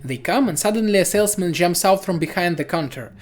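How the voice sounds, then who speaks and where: Lively synthetic joke-telling voice. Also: mid-range voice, brisk. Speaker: joke narrator. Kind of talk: scripted joke reading.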